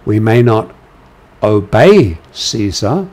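A man teaching a lecture on a biblical book, measured and full of "uh" fillers. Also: fairly low pitch, sing-song, darkish tone. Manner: gives quoted commands with raised force. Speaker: Bible teacher.

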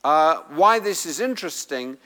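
A man's voice: on the high side, lively intonation, moderate pace, pushed and bright. A man preaching a sermon who explains the Greek text and repeats his key phrases for emphasis. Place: church hall with congregation. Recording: long hall reverb.

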